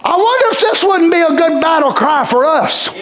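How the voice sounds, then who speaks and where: A man preaching a fervent sermon, often shouting and stretching out his phrases. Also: very high-pitched, expressive, normal speed, a crowd in the background.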